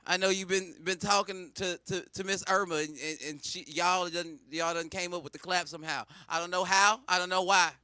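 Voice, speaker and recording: A male comedian riffs in a high, bright voice, crude and profane. He slips into mock-preacher call-outs between jokes. The sound is dry and close. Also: fairly even intonation, moderate pace, hardly any pauses, clean tone, no echo. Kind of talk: profane stand-up riff.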